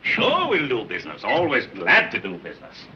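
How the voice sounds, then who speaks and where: Sarcastic police commissioner, very bright and swooping voice, muffled 1930s sound. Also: male voice, medium pitch, huge pitch swings, normal speed, a little hiss or hum, full character voice. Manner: sarcastic, clipped. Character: sarcastic hard-nosed police commissioner man.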